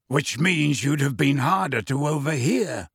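A man's voice: fairly high pitch, lively intonation, a little slow, fairly bright tone, husky, no echo, studio quality, heavily acted. A man reading an audiobook, voicing a bold, wry adult male wizard who talks in a teasing, confident way.

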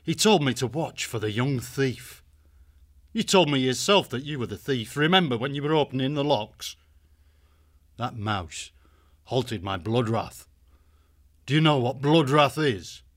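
A man playing a grave, protective young male badger warrior who speaks in an earnest, steady way, in a full-cast audiobook. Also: mid-range voice, measured pace, pauses often. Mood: solemn.

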